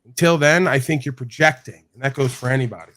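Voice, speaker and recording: A man's voice: mid-range voice, fast, fairly bright tone, no echo. A man arguing sarcastically in a heated online panel chat. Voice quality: sarcastic, combative.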